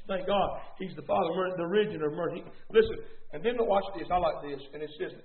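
A man's voice: high voice, fast. A man preaching a sermon with fervor, repeating phrases and calling out to the congregation. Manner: fervent, repetitive, calls out to the congregation. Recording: echoey, tinny phone-like sound.

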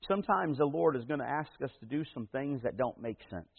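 Husky-voiced man preaching a sermon. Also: medium pitch, animated, brisk, in a large hall. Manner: preaching, rising to loud emphatic peaks. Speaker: pastor. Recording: tinny phone-like sound.

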